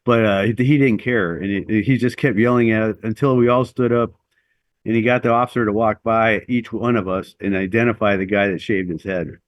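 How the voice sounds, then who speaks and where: A man's voice: lowish voice, steady tone, a little fast, no echo. A middle-aged man, a former Navy SEAL, telling stories in a casual interview, with rambling speech full of fillers and restarts.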